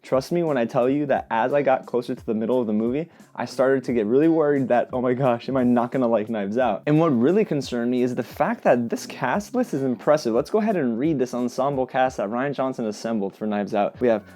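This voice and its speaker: A man's voice: medium pitch, brisk, hardly any pauses, dark tone. A man hosting his own movie review channel, talking straight to his viewers with lots of enthusiasm in a casual vlog style.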